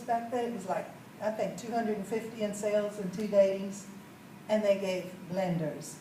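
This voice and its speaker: A woman's voice: medium pitch, fairly even intonation, moderate pace, mellow, slight background noise. A woman, telling a group a folksy story about her life and asking the audience questions. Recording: echoey room, mic far off.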